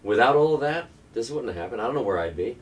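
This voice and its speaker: A man's voice: medium pitch, lively intonation, fast talker, recorded from a distance. A middle-aged man telling a candid, earnest personal story as a podcast guest, now and then swearing. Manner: candid, earnest, occasionally profane.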